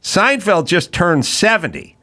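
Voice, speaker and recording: Animated, swearing man hosting a podcast. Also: sits high, unhurried. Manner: animated storytelling, acting out quotes, profane. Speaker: podcast host. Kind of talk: casual comedic chat.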